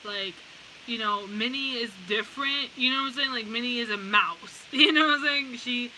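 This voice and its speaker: A woman's voice: a little high, moderate pace, low-quality recording. A woman giving a casual pick-a-card tarot reading. She talks bluntly, swears freely and often breaks into laughter. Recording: steady background hiss.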